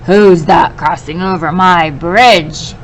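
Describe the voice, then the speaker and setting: Storybook troll, male, mean and hungry, voiced by a woman: loud, slow, growly. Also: medium pitch, big pitch swings, slight background noise, low-quality recording. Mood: angry.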